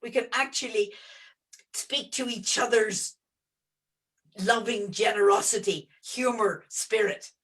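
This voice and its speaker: A middle-aged woman speaking as an interview guest, earnest and expansive, often pausing and restarting her sentences. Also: medium pitch, a bit bright. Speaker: guest, entrepreneur and geologist. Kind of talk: conversational interview answers.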